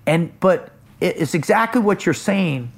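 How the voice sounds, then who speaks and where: A man co-hosting a podcast, telling an emphatic, energetic story with quick restarts. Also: sits high, gravelly, slightly rough. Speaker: podcast co-host. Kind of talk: casual storytelling chat.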